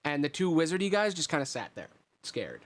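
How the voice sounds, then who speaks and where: A man narrating as game master of a tabletop role-playing game, describing scenes in a relaxed, meandering way with fillers. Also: on the high side, a little fast, a little hiss or hum.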